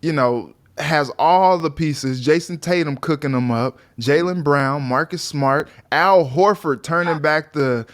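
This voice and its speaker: A young man co-hosts a sports talk show in a relaxed, animated way, slipping into little quoted voices for the players. His voice sits a bit higher than most men's. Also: a little slow, hardly any pauses. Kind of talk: casual sports chat.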